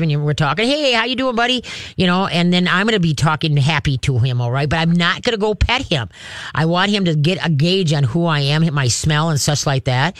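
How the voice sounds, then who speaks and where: A folksy middle-aged man rambles through dog-training advice on a call-in show, now and then slipping into little voices. His voice sits a bit high for a man, and the sound is dry and close. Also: no echo. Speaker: dog trainer answering a caller.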